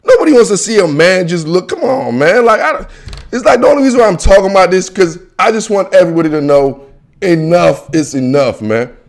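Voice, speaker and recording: A young man hosting a football show, ranting animatedly in slangy casual talk, with shouts and laughter. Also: high-pitched, animated, a little fast, vocal fry. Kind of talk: casual solo sports commentary.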